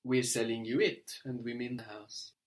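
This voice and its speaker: A man's voice: medium pitch, little pitch movement, normal speed. A man teaching a language lesson, patiently prompting and correcting a learner.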